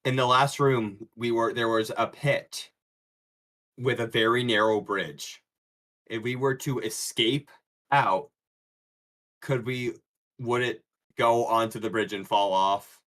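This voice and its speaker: A man's voice: mid-range voice, steady tone, slow, long pauses, a bit bright. Joking man playing a tabletop game. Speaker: player. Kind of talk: casual tabletop chat.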